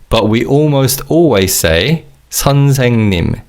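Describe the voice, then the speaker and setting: A man's voice: medium pitch, lively intonation, a little fast, hardly any pauses, a little mellow. A man teaching a recorded language lesson, explaining words patiently and leading repeat-after-me drills.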